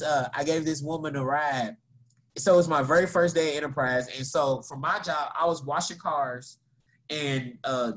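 A young man from Kentucky, co-hosting a podcast and telling a story in casual, slangy talk. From Kentucky, USA. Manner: animated, slangy, laughing, jumps into high voices for quotes. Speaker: podcast co-host.

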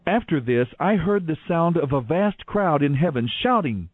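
A man giving a dramatic, expressive scripture reading on radio, heard over tinny lo-fi audio. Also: fairly high pitch, moderate pace, hardly any pauses, no room sound. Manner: expressive, declaiming delivery. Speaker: Bible reader on radio.

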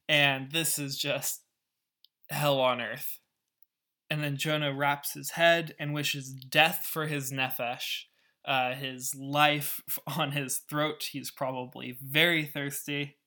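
A man's voice: fairly high pitch, bright, forceful tone. A man and podcast host who explains a scripture story in a casual, wry way, with asides. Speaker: podcast Bible teacher.

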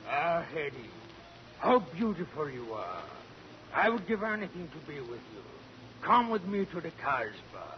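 A man's voice: fairly high pitch, very animated, a little slow, slight background noise. A man doing a pompous drawling older gent. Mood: wooing. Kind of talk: 1940s radio comedy impression. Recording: dull lo-fi old radio broadcast.

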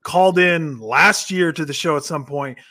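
A man's voice: a little high, normal speed, sharp tone, no echo, clean studio sound. A man co-hosting a podcast, teasing and needling the others in casual banter. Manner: teasing, laughing, egging others on. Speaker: podcast co-host.

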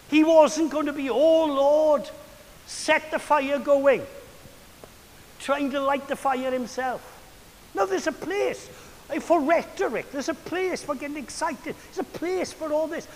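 High-voiced man preaching in a hall. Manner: earnest, emphatic preaching with rising and falling volume. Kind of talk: sermon. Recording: hall reverb with faint hiss.

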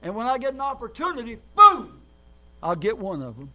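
A man preaching as a guest, telling his life story with lively acted quotes and sudden swings between loud and soft. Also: very high-pitched, fast talker. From Minnesota, United States. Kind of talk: sermon.

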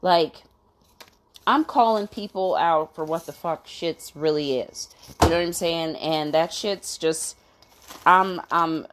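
A woman's voice: lowish voice, a little hiss or hum. A woman ranting bluntly, swearing constantly and asking "you know what I'm saying?" between fired-up, indignant complaints. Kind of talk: profane venting rant.

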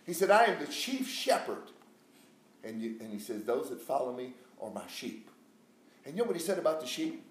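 A man preaching a sermon, swinging from loud calls down to near whispers. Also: mid-range voice, sing-song, moderate pace. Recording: echoey room with faint noise.

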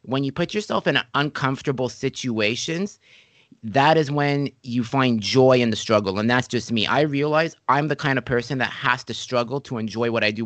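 Chatty male podcast host, middle pitch, storyteller, dry close recording. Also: no echo. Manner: chatty storyteller, animated impressions. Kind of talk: casual interview chat.

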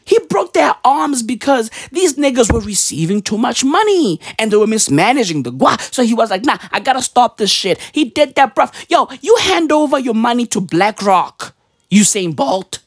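A woman's voice: on the high side, big pitch swings, normal speed, breathy edge, no room sound, clean studio sound. A woman vlogger in a profane, slangy comedic rant, mimicking sounds as she goes.

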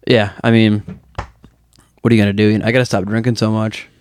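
A man's voice: lowish voice, flat delivery, brisk, slight background noise. A man in his twenties hosting a casual chat, telling rambling stories full of swearing. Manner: rambling, profane storytelling.

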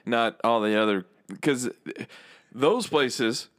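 A man co-hosting a casual podcast, easygoing and agreeable, telling a dating story in relaxed chat. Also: mid-range voice, takes it slowly, dry recording, clean studio sound. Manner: laid-back, agreeable, lots of short backchannel replies. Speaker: podcast co-host.

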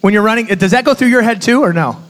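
High-voiced man preaching in a reverberant hall. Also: quick pace. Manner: animated storytelling, conversational asides to audience. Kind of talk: sermon.

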